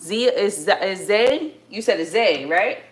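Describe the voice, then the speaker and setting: A woman's voice: mid-range voice, expressive, unhurried. A young woman with a New York City accent, chatting casually on a livestream while cooking, greeting viewers by name and laughing often. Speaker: livestream host.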